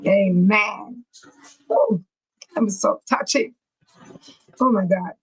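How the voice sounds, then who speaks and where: A woman's voice: mid-range voice, sing-song, takes it slowly, slightly rough, rough recording. A woman hosting a casual livestream, emotional and preachy, reading viewer comments aloud. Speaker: livestream host.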